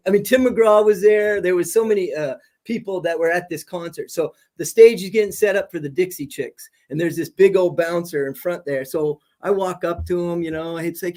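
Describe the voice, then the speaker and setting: Speaking high and a little mellow, this middle-aged man moves at a moderate pace with hardly any pauses. He's a high school principal guesting on a video-call podcast, telling stories in a casual, energetic, laugh-filled interview.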